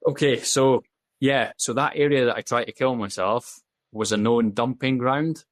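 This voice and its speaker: A man's voice: medium pitch, moderate pace, no echo. A man, a podcast guest telling his story in candid, casual talk, blunt and full of swearing, acting out the dialogue he quotes. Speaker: podcast guest, safety officer.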